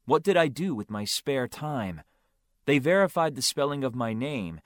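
A man's voice: mid-range voice, lively intonation, moderate pace, dry recording, clean studio sound. A man narrating a first-person audiobook in a wry, understated way.

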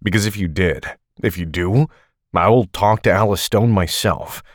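A man's voice: deep voice, moderate pace, no room sound, studio quality. Narrator voicing a tired, snappish man. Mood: heated, defensive. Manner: snappish and defensive. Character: tired, defensive man, snapping ex-field agent.

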